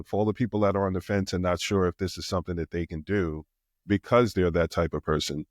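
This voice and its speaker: A man with a New York accent hosting a podcast interview, with a smooth, radio-style delivery and an upbeat, welcoming manner. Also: deep voice, a little mellow, dry recording, clean studio sound. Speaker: podcast host.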